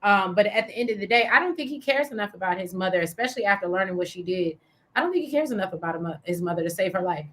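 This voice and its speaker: A woman's voice: mid-range voice, animated, very fast, fairly bright tone. A woman co-hosting a casual TV recap show, reading viewer comments aloud and laughing as she talks.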